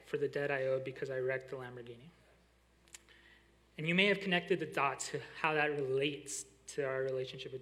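Young guy preaching, lively story then slow soft points, kinda high voice. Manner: lively storytelling, slows and softens on key lines. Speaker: college pastor. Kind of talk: sermon with a personal story.

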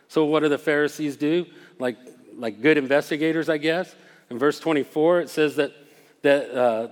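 Male preacher, slightly high voice, emphatic and conversational, long hall reverb. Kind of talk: sermon.

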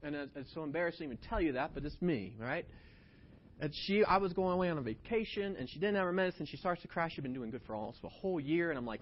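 A man preaching a sermon, telling a personal story in an animated way that swings between hushed and loud. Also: high voice, a little fast, long pauses. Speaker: pastor. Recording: dull lo-fi sound.

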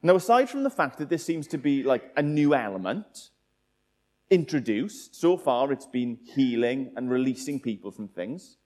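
A man's voice: mid-range voice, sing-song, normal speed, darkish tone. A man preaching a sermon, asking the listeners many rhetorical questions.

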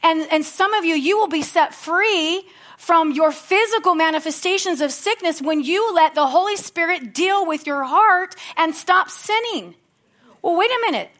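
A woman's voice: extremely high pitch, moderate pace, fairly bright tone. A woman pastor preaching a sermon with fervent, exhorting calls to action and chatty asides. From United States. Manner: conversational asides, laughs at herself.

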